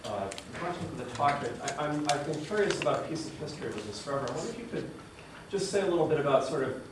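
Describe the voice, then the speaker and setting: A man's voice: fairly high pitch, animated, fast, noisy background. Distant man asking from the audience. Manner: hesitant, with repeated words. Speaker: audience member asking a question. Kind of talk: question from the floor. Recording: distant audience mic in a roomy hall.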